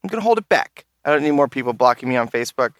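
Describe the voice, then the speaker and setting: A man's voice: mid-range voice, big pitch swings, rapid-fire, no echo, studio quality. A man hosting a casual gaming podcast, joking crudely and laughing often. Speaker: podcast host.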